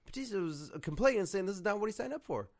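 A man's voice: high-pitched, very animated, quick pace. A man co-hosting a comedy podcast, in a chatty, playful style. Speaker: podcast co-host. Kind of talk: casual comedy podcast chat.

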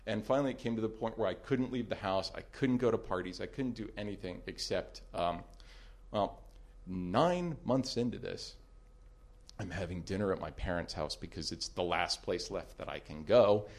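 A man telling a comic personal story with wry timing, dropping to a hush and then rising loud. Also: deep voice, moderate pace. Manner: animated, wry, swings from hushed to loud.

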